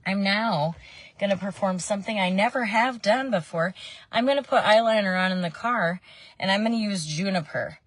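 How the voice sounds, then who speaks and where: A woman's voice: mid-range voice, normal speed, no echo. Chatty woman vlogging from her car. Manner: chatty and meandering, with frequent ums. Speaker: makeup vlogger. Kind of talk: casual makeup tutorial chat. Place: parked car.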